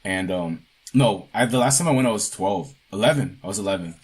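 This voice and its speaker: A man's voice: on the low side, expressive, a little fast, breathy edge. A man co-hosting a podcast, telling a childhood story in a casual, profane, laid-back way. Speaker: podcast co-host.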